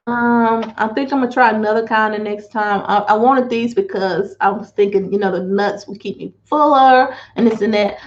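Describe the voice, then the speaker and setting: Slow-talking chatty woman, dull lo-fi sound. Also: fairly high pitch. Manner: chatty, unhurried, showing food items to camera. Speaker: financial wellness coach sharing diet vlog. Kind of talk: casual chat. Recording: dull lo-fi home video audio.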